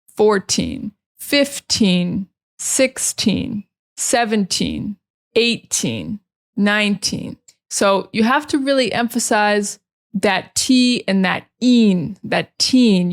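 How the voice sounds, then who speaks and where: An American woman teaches pronunciation in a slow, deliberate way. She repeats each word several times and leans hard on the stressed sounds. Her manner is friendly, and her pitch sits at a middle height. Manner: drills words by repeating them slowly with heavy stress; friendly, laughs at her own slips. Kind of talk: slow, clear teaching monologue.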